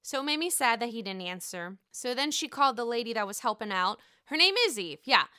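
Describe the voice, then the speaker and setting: A woman casually recapping a reality show episode, blunt and profane, talking in an animated way. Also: fairly high pitch, brisk, clean tone, dry recording, clean studio sound.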